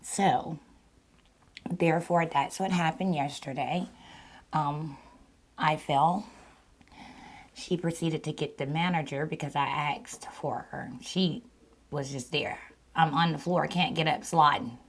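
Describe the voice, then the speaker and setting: A woman with a sore throat, hosting a mukbang and slowly retelling a story to her viewers in a casual way. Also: low-pitched, steady tone. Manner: slow, deliberate retelling with repeats. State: sore throat, partly lost voice. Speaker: mukbang channel host.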